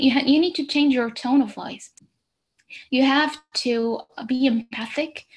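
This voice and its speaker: A woman teaching exam preparation in a recorded lecture, explaining step by step, repeating key points and checking in with "okay?". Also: fairly high pitch.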